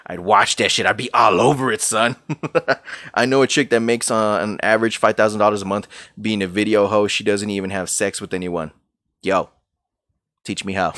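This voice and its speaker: A man's voice: on the low side, fairly bright tone, no room sound, studio quality. A man streaming a game, chatting loosely and profanely and greeting viewers by name from a room at home. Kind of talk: casual chat while gaming.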